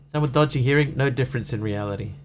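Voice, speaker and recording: Man, game streamer, casual jokey chat, mid-pitched voice, reading chat, faint hum behind. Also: fast. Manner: chatty, jokey, reads chat aloud. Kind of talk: casual gameplay commentary.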